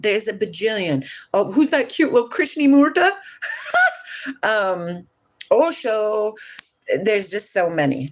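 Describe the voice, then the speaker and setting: A woman hosting a livestream, reading viewer comments aloud and answering them in a blunt, animated way, swearing freely. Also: fairly low pitch. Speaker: livestream host. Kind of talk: casual chat reading live comments.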